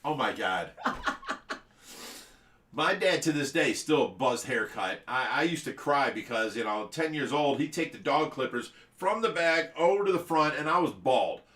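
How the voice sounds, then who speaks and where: A man's voice: mid-range voice, bright, forceful tone, recorded from a distance. A middle-aged man hosting a livestream, telling a long childhood story with frequent laughs. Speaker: fish rescue livestream host. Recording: echoey room, away from mic.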